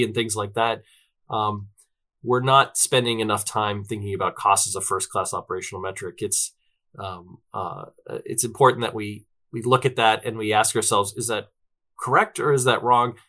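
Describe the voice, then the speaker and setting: A man's voice: mid-range voice, fairly bright tone. A man talking as an interview guest, chatty and loose, tagging his points with "right?" and plenty of fillers. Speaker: guest, tech company representative. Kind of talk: conversational interview answers.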